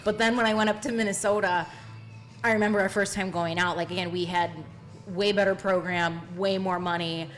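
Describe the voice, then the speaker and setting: A young woman hosting a casual podcast, telling expressive stories with lots of "like.". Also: mid-range voice, fairly quick, soft background music. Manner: chatty, expressive storyteller with frequent "like" and bursts of laughter. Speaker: podcast host.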